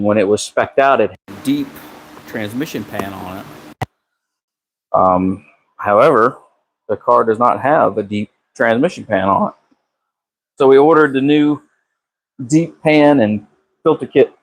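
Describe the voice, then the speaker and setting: A man's voice: lowish voice, low-quality recording. Man, garage live-streamer, laid-back drawl, cusses casually, talks to chat on a phone mic. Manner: relaxed, drawling, swears freely, answers chat by name. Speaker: car builder live-streaming a transmission repair. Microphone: phone camera.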